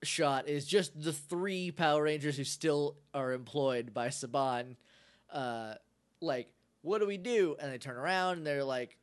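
A man's voice: mid-range voice, a little slow, clean tone. A man co-hosting a podcast, chatting casually as he recaps an episode and acts out the characters' lines. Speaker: podcast co-host.

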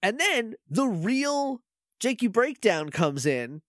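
A podcast co-host talks through an episode in a loose, joking way, often laughing and acting out the characters' lines. His pitch swoops widely as he goes. The sound is close and dry, with no room to it. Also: sing-song, takes it slowly, fairly bright tone, no room sound. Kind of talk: casual chat recapping an episode.

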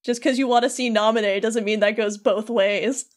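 A woman's voice: fairly high pitch, steady tone, normal speed, natural voice. A woman playing a cold, sulky young game rival, accusing tone, light voice. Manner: bitter, accusing.

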